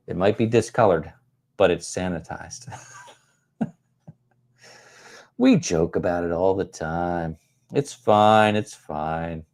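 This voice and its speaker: A middle-aged man hosting a casual livestream, rambling and chuckling as he answers viewer comments with self-deprecating humor. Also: on the low side. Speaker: livestream host.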